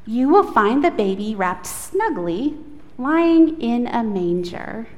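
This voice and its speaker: Calm storybook angel, high and slow, read by a woman pastor, echoey church reverb. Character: calm angel bringing good news. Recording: echoey church hall, faint noise.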